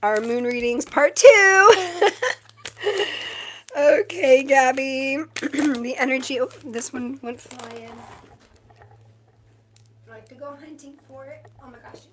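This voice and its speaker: A woman's voice: sits high, steady tone, unhurried, pauses often, slightly rough. Chatty woman giving tarot readings. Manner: chatty, many fillers, thanks viewers often. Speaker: tarot reader live-streaming. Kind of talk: casual live-stream card reading.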